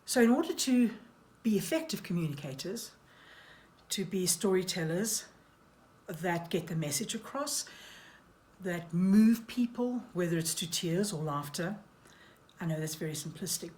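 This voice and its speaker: A woman's voice: mid-range voice, a little mellow. A woman giving a voice and speech lesson for actors, demonstrating tongue exercises aloud with wry asides. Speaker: voice coach.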